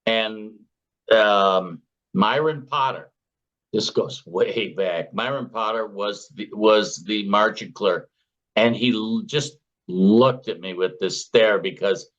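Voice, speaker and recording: A man's voice: fairly low pitch, a bit bright, lo-fi sound. A man in his sixties from Chicago, a former floor trader being interviewed, telling anecdotes in a chatty way and acting out the voices of the people in his stories. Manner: chatty anecdotal storyteller who acts out his own and others' quoted lines. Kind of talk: casual interview storytelling.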